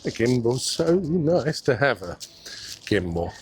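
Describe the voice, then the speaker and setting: A man's voice: mid-range voice, very animated, slow, a little mellow, slight background noise. A man giving casual walking-tour commentary outdoors, musing aloud and chatting to viewers while he walks and films. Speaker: vlogger. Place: outdoors on city streets. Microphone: clip mic under his coat.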